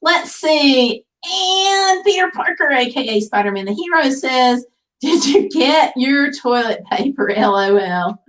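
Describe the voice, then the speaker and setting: A woman's voice: high-pitched, animated, a little slow, fairly bright tone. A woman hosting a casual livestream, reading viewer comments aloud in an easygoing, chatty way. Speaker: livestream host. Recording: voice picked up from a distance.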